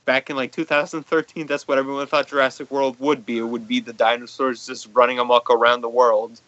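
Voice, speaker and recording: A man's voice: mid-range voice, flat delivery, brisk, fairly bright tone, dry recording. An eager male guest in podcast chat. He restarts his sentences and stumbles to get his point in. The recording is very dry and dull. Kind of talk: casual chat.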